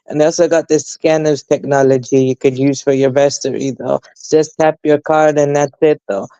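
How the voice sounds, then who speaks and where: Young London man, college age, guest in a casual chat, flat delivery, muffled and dry. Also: on the high side, normal speed, smooth, no echo. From England. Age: young adult. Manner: rambling, repeats fillers like "basically" and "though".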